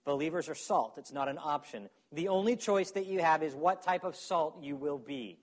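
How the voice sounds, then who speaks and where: A man's voice: on the high side, moderate pace. Man preaching a casual sermon. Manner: conversational preaching, checks in with "okay?". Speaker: pastor.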